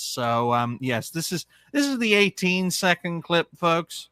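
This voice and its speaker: Sarcastic man with a bright, dry voice. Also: fairly high pitch, very animated, measured pace, few pauses, clean tone, no echo. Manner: sarcastic, says "folks" often. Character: dignified male cartoon gentleman. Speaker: host. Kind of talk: satirical commentary.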